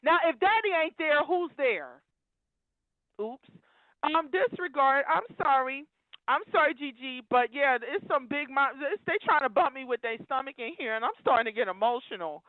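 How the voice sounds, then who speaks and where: A woman's voice: high voice, lively intonation, normal speed, no echo. A woman calling in to a live show, preaching emphatically and lecturing listeners directly. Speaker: call-in caller. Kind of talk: live call-in rant. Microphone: phone. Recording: tinny dry phone line.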